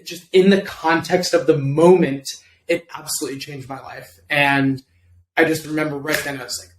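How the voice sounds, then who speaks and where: A man's voice: on the high side, fairly even intonation, moderate pace. Young man telling a story, echoey room. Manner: laid-back, slangy, lots of fillers. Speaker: interview guest, former football kicker. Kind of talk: casual storytelling in an interview. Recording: roomy with faint background noise.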